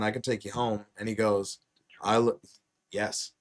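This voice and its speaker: This is a man hosting a casual podcast, recounting a story in a slightly low voice. He swears freely and acts out each quoted line with sudden loud bursts. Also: fairly even intonation, moderate pace, slight background noise. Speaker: podcast host.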